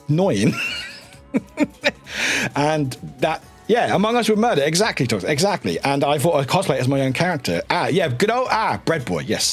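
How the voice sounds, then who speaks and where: A man chatting casually on a live stream, excitable and often laughing and swearing. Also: fairly high pitch, husky.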